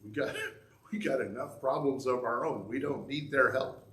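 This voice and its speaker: A man's voice: mid-range voice, moderate pace, a bit bright. A middle-aged male pastor giving a conversational sermon with asides and restarts in a church sanctuary. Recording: echoey church room.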